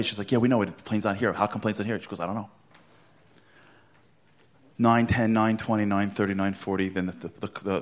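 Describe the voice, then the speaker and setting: A middle-aged man tells a story to a crowd, with a slightly low voice. He acts out every line of dialogue with theatrical flair and swings from loud bursts down to near whispers. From Brooklyn, New York. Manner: theatrical, acts out dialogue, drops to a hush for punchlines. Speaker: motivational speaker. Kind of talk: animated storytelling talk.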